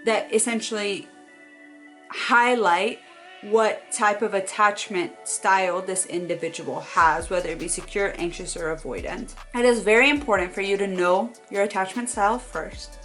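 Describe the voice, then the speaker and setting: A young woman talks straight to her phone camera in a casual advice vlog. Her delivery is animated and expressive, and she acts out quoted voices now and then. Faint music plays softly underneath. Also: medium pitch, normal speed. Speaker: vlogger.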